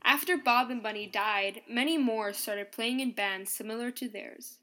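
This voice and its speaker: A woman's voice: fairly high pitch, moderate pace. Woman narrating a scripted podcast. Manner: reads from a script in an even, explanatory tone, counting beats aloud.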